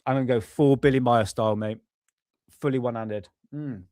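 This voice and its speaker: A man's voice: mid-range voice, fairly quick, darkish tone, dry recording, clean studio sound. Chatty man hosting a stream. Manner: chatty, laughs at viewer comments, drifts back to his notes. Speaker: live stream host. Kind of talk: casual live-stream chat.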